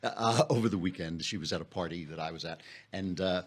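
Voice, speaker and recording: A man's voice: sits low, a little fast, breathy edge. A man hosting a casual studio chat, teasing his guest and laughing often. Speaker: host.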